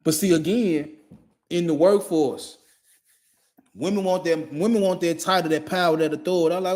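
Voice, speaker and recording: A man's voice: high voice, fairly even intonation, moderate pace, darkish tone. A man in his forties delivering a blunt, profane monologue in a repetitive, emphatic way.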